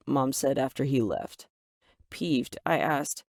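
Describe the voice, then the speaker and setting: A woman reading a scripted first-person story as narrator, expressive and getting louder on angry lines. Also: rumbling low, measured pace, vocal fry, dry recording, clean studio sound.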